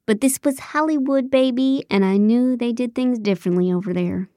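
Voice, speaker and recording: A woman narrating a comic mystery audiobook in the first person, with a wry, deadpan, sarcastic delivery. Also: fairly high pitch, normal speed, no room sound, clean studio sound.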